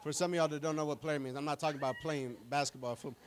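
A middle-aged man preaching a sermon in an everyday, plain-spoken way, his voice pitched a little high for a man. He stumbles over restarts now and then. Every so often he breaks into lively acted-out quotes. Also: racing, slight background noise. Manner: acts out quoted voices in animated bursts. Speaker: pastor.

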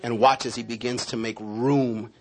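A man preaching a sermon, speaking prophetic words over a congregation member and telling lively stories. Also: mid-range voice, moderate pace. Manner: animated storytelling with prophetic declarations. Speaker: pastor.

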